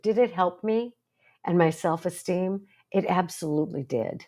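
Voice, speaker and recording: A woman's voice: on the low side, normal speed, dark tone. An older woman talking to camera as a psychologist, earnest and storytelling, with plenty of rhetorical questions. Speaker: psychologist and support group host. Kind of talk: casual talk to camera.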